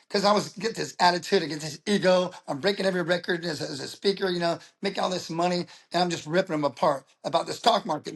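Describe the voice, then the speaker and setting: A man's voice: sits high, quick pace, vocal fry, hardly any pauses. Middle-aged man telling stories animatedly. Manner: animated storyteller who acts out quoted voices. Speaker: guest, public speaker. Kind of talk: casual interview talk.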